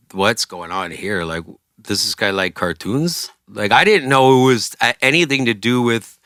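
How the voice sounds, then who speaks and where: A man's voice: fairly low pitch, sharp tone, no echo, studio quality. A man, a singer and interview guest, telling a story casually, acting out quoted voices and swearing freely.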